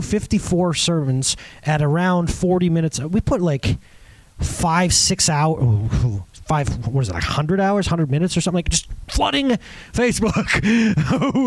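Animated, lively-pitched male pastor. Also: no echo. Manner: animated, off-the-cuff, many restarts and asides. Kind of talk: conversational sermon.

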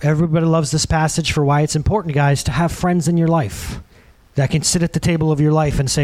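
A pastor in his thirties preaches a conversational sermon in a fast, high-leaning voice. He's animated, acting out quotes in other voices.

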